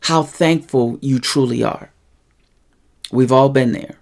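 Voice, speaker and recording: A friendly but plain teaching voice at a middle pitch, walking through examples one by one. The speaker often stops to check in with the listener. The delivery swings in pitch and loudness to stress key words. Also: unhurried. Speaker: Spanish teacher. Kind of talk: casual teaching monologue.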